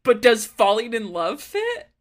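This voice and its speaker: A woman's voice: fairly high pitch, huge pitch swings, a little slow. Playful twentysomething woman podcast host. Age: 20s. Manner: playful, joking, frequent laughter. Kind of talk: casual chat recapping a TV episode.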